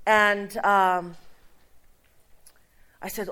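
A woman giving a personal testimony sermon, telling a story and acting out the dialogue, sometimes dropping to a hushed voice for emphasis. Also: a little high, measured pace, pauses often.

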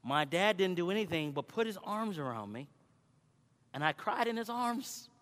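A male preacher delivering a sermon, moving between loud exhortation and quiet personal storytelling. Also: sits high, animated, moderate pace. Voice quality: swings from shouting to quiet storytelling. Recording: long hall reverb.

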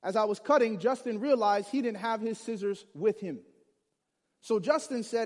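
A man from Chicago telling a humorous personal story to an audience, lively and acting out the people in it. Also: sits high, normal speed. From Chicago, USA. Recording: reverberant hall.

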